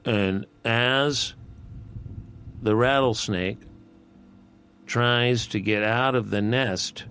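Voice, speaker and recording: A man telling a fable at a live campfire gathering outdoors, in a folksy, unhurried, conversational way. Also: mid-range voice, steady tone, a bit bright, faint music behind. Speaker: storyteller. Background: faint outdoor ambience.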